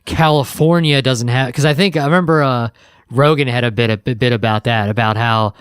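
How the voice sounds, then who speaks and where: Laid-back, smooth-voiced podcast co-host man. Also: medium pitch, a little fast, fairly bright tone, no room sound, clean studio sound. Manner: laid-back, swears casually, agreeable backchannels. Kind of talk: casual chat.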